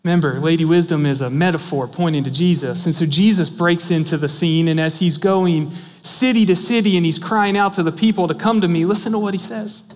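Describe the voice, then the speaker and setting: A man with a high voice preaches a sermon, earnest and emphatic. He keeps pressing his listeners with rhetorical questions. His voice rings with the long reverb of a large church hall. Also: a little fast. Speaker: pastor.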